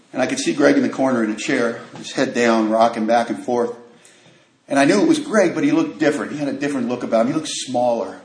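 Man telling a gritty recovery story. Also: mid-range voice. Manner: vivid storyteller, acts out quoted voices, drops to a hush in tense moments; casual street grammar. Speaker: speaker sharing his recovery story. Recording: echoey room.

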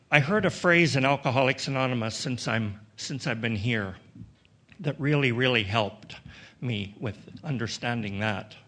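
Telling his story to a gathered audience, a recovery meeting speaker from Western Canada, middle-aged or older, talks in a thoughtful, stop-start way. He restarts sentences often and adds touches of dry humor. His voice is ordinary in male pitch and a bit bright.

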